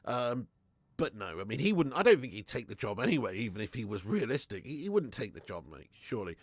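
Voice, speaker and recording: A man hosting a live football chat stream, reading out viewers' comments in a chatty way, laughing often and swinging from loud shout-outs to low mutters. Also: very animated, fast, dry recording. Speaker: football channel host on livestream.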